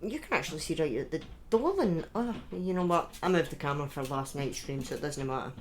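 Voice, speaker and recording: A woman chatting casually to her viewers on a live stream from home, excitable and thanking people by name. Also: sits low, fast, slight background noise. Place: at home in front of a webcam.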